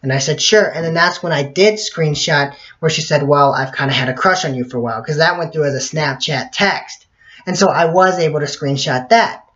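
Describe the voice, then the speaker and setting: A man's voice: on the high side, brisk, fairly bright tone. Rambling teenage boy, muffled lo-fi audio. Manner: rambling, filler-heavy, clears throat often. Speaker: vlogger. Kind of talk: casual storytelling to camera. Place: bedroom at night. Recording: dull lo-fi audio.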